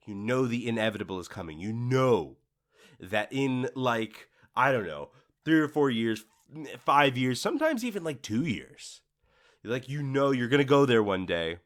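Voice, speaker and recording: A man hosting a solo podcast, ranting casually and acting out what customers think to themselves. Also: medium pitch. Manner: ranting, animated, acts out customers' inner voices. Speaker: podcast host. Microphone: studio microphone.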